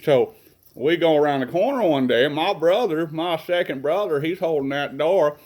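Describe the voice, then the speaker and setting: A middle-aged male vlogger with a slightly high, slightly mellow voice speaks at normal speed, casually telling rambling, earnest childhood and family stories in a folksy way. The recording is rough, with a little hiss or hum.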